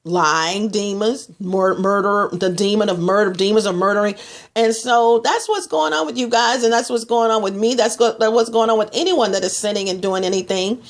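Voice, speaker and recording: Woman from texas, middle-aged, rambling casual vlog talk, many restarts, at times mocking in a higher voice. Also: moderate pace. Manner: rambling, restarts a lot, mocks others in a higher voice. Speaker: vlogger selling skin products.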